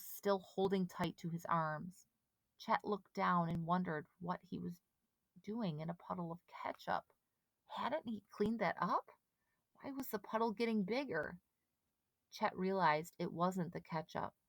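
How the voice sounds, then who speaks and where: A woman reading a children's storybook aloud with steady, dramatic pacing. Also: fairly low pitch, no room sound. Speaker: audiobook reader. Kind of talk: storybook narration.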